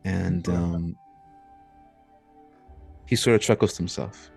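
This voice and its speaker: A man running a tabletop game narrates the scene in a loose, rambling way, with plenty of fillers. His voice is very low and deep, and faint music plays behind him. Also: steady tone, slow pace, creaky, pauses often, a little mellow. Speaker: game master.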